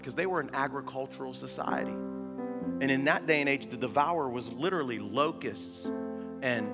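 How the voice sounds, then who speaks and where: A man preaching a sermon as a pastor, building to loud, impassioned exhortation. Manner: preaching that swells to loud high-pitched exhortation. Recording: echoey hall with music behind.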